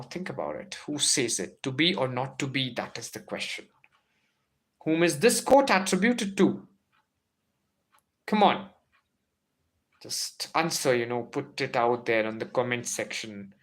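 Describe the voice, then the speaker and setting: A man's voice: medium pitch, very animated, measured pace. A man with an Indian English accent teaching a live-streamed exam-prep literature lesson, enthusiastic and exclaiming as he quizzes his viewers.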